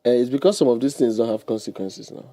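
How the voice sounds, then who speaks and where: A man, giving lively advice as a guest on a radio talk show, explaining with everyday examples and laughing often. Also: mid-range voice, quick pace. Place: radio studio.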